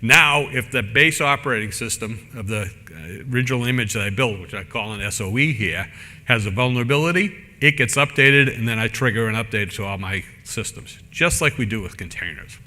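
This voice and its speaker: A man's voice: mid-range voice, a little fast, pushed and bright, big-room sound. A man giving a technical conference talk in a casual, rambling way, full of fillers and restarts. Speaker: conference speaker. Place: conference room.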